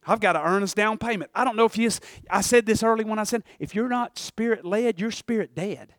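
A man preaching a sermon as pastor, swinging from soft asides to shouted calls of "Amen?". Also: extremely high pitch, no room sound, studio quality.

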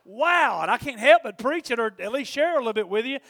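A middle-aged man preaching a sermon, excitable, swinging between shouting and hushed talk. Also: very high voice, fast, slight background noise.

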